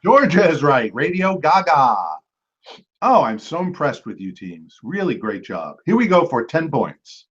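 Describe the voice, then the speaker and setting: A man runs a trivia game, reading each clue twice in a lively voice that rises and falls a lot. Between questions he slips in chatty asides and quick apologies to the teams. The recording is dull and lo-fi. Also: on the high side, breathy edge. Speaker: quiz host.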